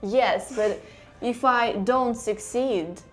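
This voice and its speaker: A woman playing a tabletop game, speaking haltingly and hesitantly with her opponent. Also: a little high, over loud music. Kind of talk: casual game-table chat.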